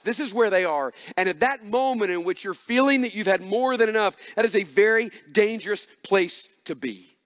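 High-voiced preacher in a reverberant hall. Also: male voice, a bit bright. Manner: emphatic, repetitive preaching with rising, punchy refrains. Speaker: pastor. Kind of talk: sermon. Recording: long reverb of a large hall.

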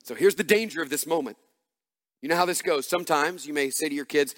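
A man with a notably high voice delivers a sermon, pressing his points through repeated, climbing refrains. His words ring out with a long reverb trail, as though spoken from the front of a big church sanctuary. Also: fast talker, a bit bright. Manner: emphatic, repetitive preaching with rising, punchy refrains. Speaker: pastor. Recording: long reverb of a large hall.

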